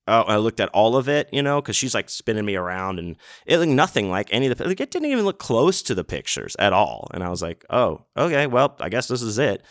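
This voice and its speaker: A man with a fairly low voice hosts his own podcast and tells a meandering personal story. He talks casually, swears freely and leans on fillers. The sound is close and dry, with no room around it. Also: a bit bright, no echo. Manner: rambling, profane, lots of fillers. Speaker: podcast host. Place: home setup in a city apartment.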